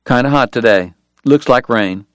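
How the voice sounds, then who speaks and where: A man voicing a calm, hard frontier lawman who speaks flatly and matter-of-factly in an audiobook. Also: medium pitch, moderate pace, dry recording, lightly acted. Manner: calm, flat, matter-of-fact.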